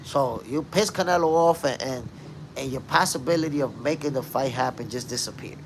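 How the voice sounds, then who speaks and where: A man hosting a casual live boxing talk stream, speaking emphatically and shouting out viewers in the chat. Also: medium pitch, a little fast, slight background noise. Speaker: boxing show host.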